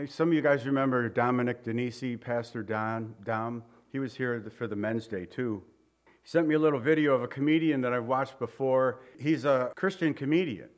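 Male pastor, earnest sermon voice, mid pitch, prays and reads scripture, talks easy to the room. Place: church room.

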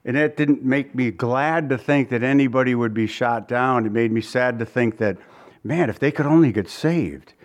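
A pastor delivers a sermon in a conversational style, frequently posing questions to his listeners and chuckling now and then between points. His voice is medium-pitched at a moderate pace, and he often restarts his sentences.

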